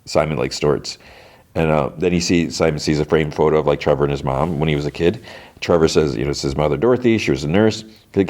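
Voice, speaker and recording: A man's voice: extremely low pitch, fairly quick, a little mellow. A man hosting a podcast, casually recapping a TV episode and quoting the characters loosely. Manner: retells scenes loosely, quoting lines with "he's like". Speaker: podcast host.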